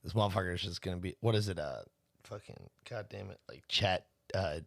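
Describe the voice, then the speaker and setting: A man's voice: deep voice, a little fast, gravelly, dry recording, studio quality. A man co-hosting a podcast in casual banter, laid-back and rambling, swearing constantly. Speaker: podcast co-host.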